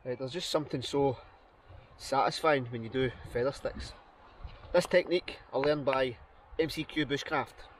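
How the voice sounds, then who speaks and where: A Scottish man vlogging out in a forest, talking casually and upbeat straight into a camera mic as he works. His pitch sits in the ordinary middle range for a man. A faint outdoor hush runs under his voice. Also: normal speed, slight background noise. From Scotland. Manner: chatty, upbeat, thinking aloud. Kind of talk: casual vlog talk to camera.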